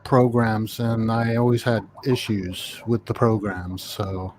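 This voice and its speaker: A man co-hosts a podcast in casual conversation, stumbling and restarting as he pokes fun at himself. His voice sits at a middle pitch. A faint hiss runs under his home mic. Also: fairly even intonation, slow pace, a little mellow. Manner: hesitant, self-deprecating, with repeated restarts. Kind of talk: casual chat.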